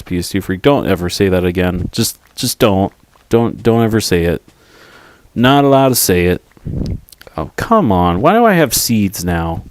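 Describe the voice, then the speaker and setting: Slow-talking goofy male streamer. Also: low voice, a little mellow, no room sound. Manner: goofy, rambling, self-mocking. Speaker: livestreamer. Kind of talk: casual gaming commentary.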